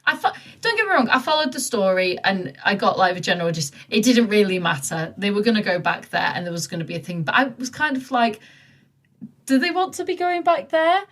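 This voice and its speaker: Woman, casual podcast co-host, animated, quick asides. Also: medium pitch. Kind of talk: casual chat.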